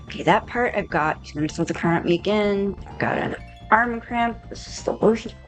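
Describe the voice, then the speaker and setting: A woman's voice: medium pitch, normal speed, faint music behind. A woman streaming a game live, talking herself through it and swearing freely. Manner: swears freely, talks to herself while playing. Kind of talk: live gameplay chat.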